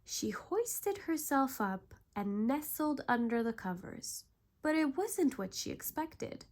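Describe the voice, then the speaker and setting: A woman narrating a bedtime story with calm, gentle warmth of pace, unhurried and soothing. Her voice sits a touch high and she takes her time over every line.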